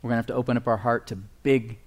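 A man's voice: medium pitch, level tone, racing. A man preaching a sermon as pastor, emphatic and folksy, often asking the congregation for agreement and chuckling at his own points.

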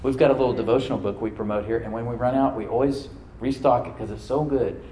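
A man's voice: medium pitch, steady tone, fast talker, dark tone, a little hiss or hum. A middle-aged male pastor preaching a sermon to his congregation, exhorting and repeating phrases for emphasis. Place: church hall with congregation. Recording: roomy church echo.

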